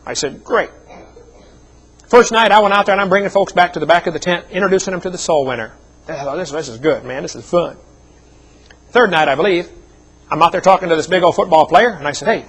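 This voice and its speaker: A man's voice: on the high side, a bit bright, husky, rough recording. A middle-aged man preaching a seminar sermon, telling personal stories in a folksy way with joking asides. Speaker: evangelist speaker.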